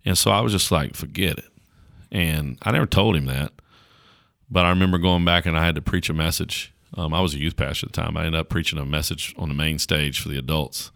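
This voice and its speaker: A man's voice: very deep voice, steady tone, quick pace, gravelly, a bit bright, no echo, clean studio sound. A man with a rural North Carolina accent, a pastor talking in a casual interview in a folksy, earnest way, often restarting his sentences.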